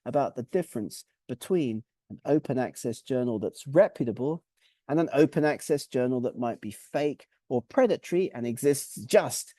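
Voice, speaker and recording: Lively, warm-toned man presenting a webinar. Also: mid-range voice, no room sound, clean studio sound. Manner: clear, methodical explaining, with lists and recaps.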